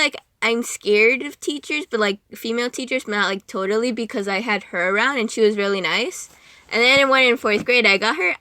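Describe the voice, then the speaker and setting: A young woman with a bright, fairly high voice rambles through casual chat as a podcast guest. She giggles, restarts and interrupts herself as she goes. The recording is dry and close. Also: no room sound.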